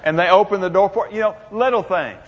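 A man's voice: high-pitched, brisk, a faint crowd, a little hiss or hum. Older man, folksy speaker with jokes, lo-fi recording in a reverberant hall. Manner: folksy, humorous, drawling storyteller. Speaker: motivational speaker. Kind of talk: storytelling speech to an audience. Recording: muffled, echoey hall.

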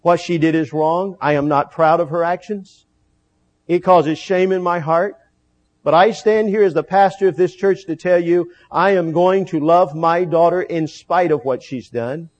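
Man preaching, high voice, earnest, deliberate emphasis. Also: a little mellow, muffled recording. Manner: earnest preaching, slows and stresses key phrases. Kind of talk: sermon.

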